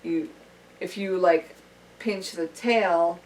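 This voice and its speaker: Chatty woman, low voice, distant mic. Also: darkish tone. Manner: chatty, halting with many fillers. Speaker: podcast guest. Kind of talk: casual chat. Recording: distant mic with faint room noise.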